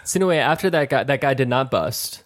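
Man, casual storyteller, rambly and animated, swears a lot, acts out quotes, mid pitch. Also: quick pace.

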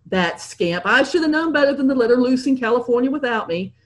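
A breezy, jolly English gentleman who never loses his cool, read out by a woman. He speaks with lively, swinging inflection and never lowers his voice to sound gruff. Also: fairly quick. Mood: smooth. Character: unflappable posh English gentleman, man.

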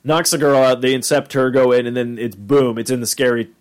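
A man's voice: mid-range voice, fairly even intonation, brisk. A man with a mid-range voice talks loosely through a cartoon episode, piling on fillers and acting out bits of the lines. He rambles in a chatty, informal way. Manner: rambling, chatty, full of fillers and acted-out quotes. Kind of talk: casual episode recap.

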